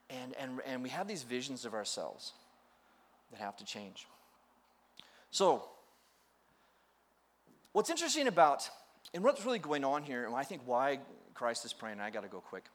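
Middle-aged male pastor, animated sermon storyteller, pitch rising and falling freely, joking at his own expense. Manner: storytelling with playful acted quotes and self-deprecating humor.

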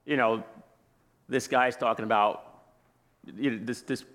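A man's voice: mid-range voice, steady tone, measured pace, fairly bright tone. Thirties man, laid-back guest preacher, chatty storyteller, easy mid-range voice, laughs as he goes. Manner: casual, chatty, laughs while telling stories. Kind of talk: sermon with personal stories. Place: church sanctuary.

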